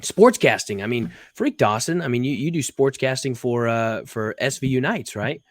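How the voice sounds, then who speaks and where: A man's voice: mid-range voice, animated, moderate pace, no room sound. Man telling stories in dry sound. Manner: storytelling, asks many questions. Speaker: podcast co-host. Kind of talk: casual chat.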